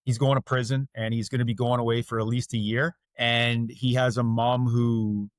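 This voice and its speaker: A man's voice: mid-range voice, little pitch movement, no room sound, studio quality. Earnest Canadian man, author guest. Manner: earnest, measured, a little hesitant with fillers. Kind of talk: interview answers.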